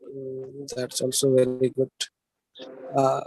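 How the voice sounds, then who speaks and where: A man's voice: medium pitch, monotone, slow pace, dark tone, no room sound, poor audio. A man with an Indian English accent giving a classroom lecture, often checking in with students and asking them questions. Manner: talks with frequent "okay?" checks and questions to students.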